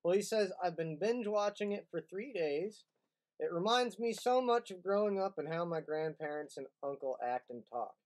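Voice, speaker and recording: A man's voice: high-pitched, animated, moderate pace, poor audio. A man hosting a show, reading a viewer's letter aloud and joking in casual comedic banter. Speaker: host.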